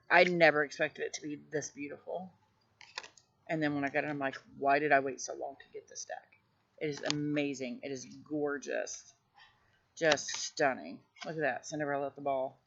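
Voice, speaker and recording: A woman gushing over her tarot cards in a casual vlog, her bright, sharp voice carrying a gravelly fry. She piles on effusive praise and now and then drops to a hush. The recording sounds a little dull and lo-fi. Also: sits low, a little hiss or hum. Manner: drops to a hushed voice at times. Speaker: tarot deck reviewer. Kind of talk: casual show-and-tell vlog.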